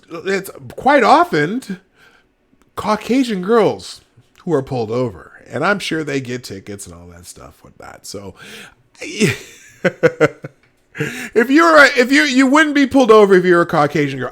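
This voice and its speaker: A middle-aged man from Minnesota hosts a live show, laughing through emphatic commentary. His high-sitting voice is expressive and fairly bright, and he speaks a little slowly.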